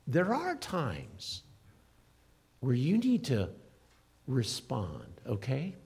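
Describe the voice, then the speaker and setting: A middle-aged pastor preaching with earnest emphasis. His voice is gravelly and a little husky, with a lively rise and fall. The tone stays warm and encouraging, like a sermon addressed to a congregation. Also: mid-range voice. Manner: earnest, emphatic preaching with rising and falling delivery.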